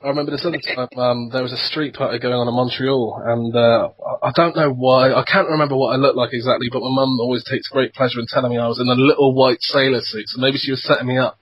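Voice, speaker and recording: A man's voice: medium pitch, fairly even intonation, fast talker, hardly any pauses, slightly rough, dry recording. A young adult man hosting a podcast, rambling through profane stories in casual chat. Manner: rambling and profane, tells anecdotes. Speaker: podcast host. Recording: dull lo-fi podcast recording.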